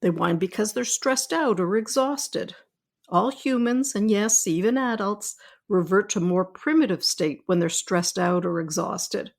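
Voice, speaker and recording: A middle-aged woman pediatrician hosting a podcast, speaking in a calm, reassuring, explanatory way. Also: medium pitch, a little slow, gravelly. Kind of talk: scripted podcast talk.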